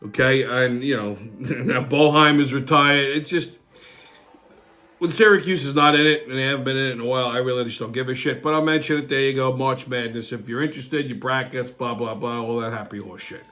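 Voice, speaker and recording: A middle-aged man hosting a weekly wrap-up show, ranting crudely and angrily, often breaking into shouts, then reading sports listings in a casual way. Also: medium pitch, fairly quick. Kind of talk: profane rant and casual show segments.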